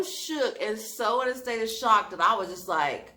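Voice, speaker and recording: A woman vlogger telling a storytime in a lively, expressive way, laughing at her own story. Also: a little high, normal speed, hardly any pauses.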